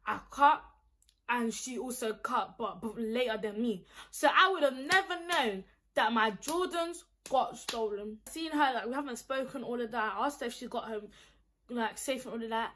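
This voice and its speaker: A young woman with a London accent, telling a storytime vlog in an animated, indignant, slang-heavy way. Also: fairly high pitch, normal speed. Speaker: vlogger.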